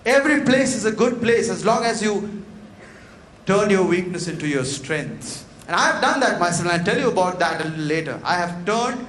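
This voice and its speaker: A man's voice: sits high, big pitch swings, moderate pace, fairly bright tone. A man giving a motivational talk, telling a story dramatically and acting out its dialogue in a large event hall. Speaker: motivational speaker. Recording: echoey hall with faint noise.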